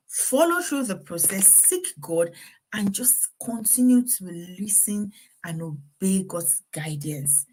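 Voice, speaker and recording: A middle-aged woman giving earnest, faith-based parenting advice, laughing now and then as she talks. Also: medium pitch. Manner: earnest, advising, laughs often. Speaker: parenting speaker.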